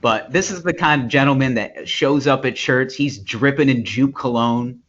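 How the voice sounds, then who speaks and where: A man co-hosting a podcast in a loose, rambling way, stumbling through restarts and fillers. His middle-pitched voice comes through dull, lo-fi audio. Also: moderate pace, fairly bright tone. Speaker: podcast co-host. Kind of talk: casual banter, wine tasting chat.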